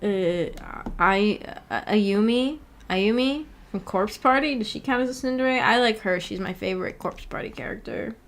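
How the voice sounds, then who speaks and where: A woman's voice: medium pitch, normal speed, few pauses. A woman streamer in casual livestream chat, rambling, giggling and correcting herself as she goes.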